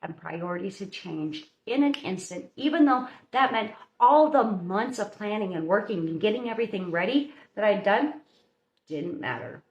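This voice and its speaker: A woman's voice: mid-range voice, expressive, moderate pace, muffled recording. A woman hosting a live baking stream, giving viewers a chatty, motherly pep talk in her home kitchen. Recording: roomy echo.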